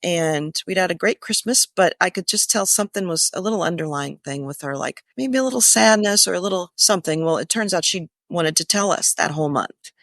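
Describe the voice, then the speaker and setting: A woman's voice: fairly low pitch, a little fast, few pauses, dry recording, clean studio sound. A woman in her fifties, a podcast guest telling a personal story candidly and acting out remembered dialogue. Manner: candid, acts out remembered dialogue with lively shifts.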